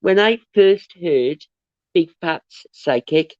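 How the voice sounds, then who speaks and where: A woman's voice: on the low side, lively intonation, takes it slowly, darkish tone, dry recording. A woman hosts a casual livestream, thanking viewers and wandering off into anecdotes. She rambles and trips over her words, restarting sentences as she goes. Her voice comes through dull and lo-fi, with a dry, close sound. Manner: rambling, chatty, restarts and stumbles. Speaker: livestream host. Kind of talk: casual chat, reading viewer comments aloud.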